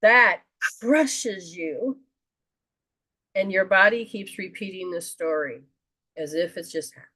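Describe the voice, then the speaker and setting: A woman hosting a call-in show, giving a spiritual reading to a caller in a slow, earnest counseling tone. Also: mid-range voice, bright, forceful tone. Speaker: host and metaphysician.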